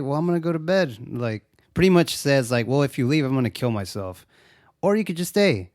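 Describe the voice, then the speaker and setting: A man's voice: mid-range voice, animated, a little fast, a little mellow, dry recording. Laid-back swearing man, dry close sound. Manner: laid-back, swears a lot, acts out quotes. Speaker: podcast co-host. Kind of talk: casual chat recapping a movie.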